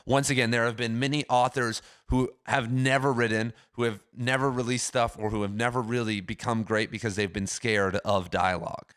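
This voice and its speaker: A man's voice: medium pitch, steady tone, fairly quick, hardly any pauses, a bit bright. A young man hosting a writing channel, talking casually and enthusiastically, rambling and quoting himself. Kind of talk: casual talk to camera.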